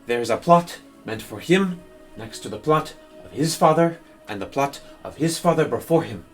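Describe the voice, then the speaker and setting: A man voicing a weary young nobleman who speaks formally in halting, pause-filled sentences. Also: on the high side, expressive, soft background music, close to an everyday voice. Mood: grave.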